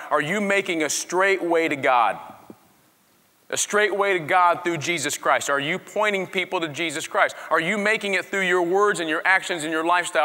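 A man preaching a sermon, swinging from quiet talk to loud, animated shouting. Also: a little high, big-room sound. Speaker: pastor.

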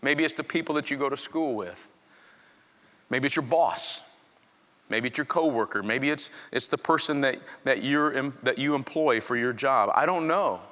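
Animated man preaching in a hall. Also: medium pitch, moderate pace. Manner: animated, swings from quiet to shouting. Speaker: pastor. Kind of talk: sermon.

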